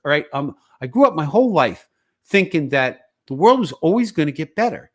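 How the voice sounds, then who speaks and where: Guy, kinda high voice, heated rant, swears a lot, casual podcast guest. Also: sing-song, a little fast. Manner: heated, emphatic ranting with swearing.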